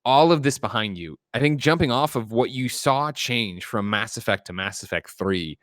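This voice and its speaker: A man's voice: mid-range voice, expressive, normal speed, a bit bright, dry recording, studio quality. A man hosting a casual chat, telling rambling, digressive stories. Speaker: podcast host.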